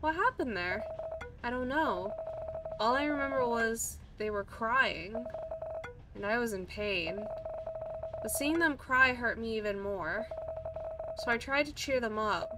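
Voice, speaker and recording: A woman's voice: on the high side, recorded from a distance, natural voice. A woman voicing a loyal, earnest dog. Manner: earnest, longing. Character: loyal, gentle dead pet dog.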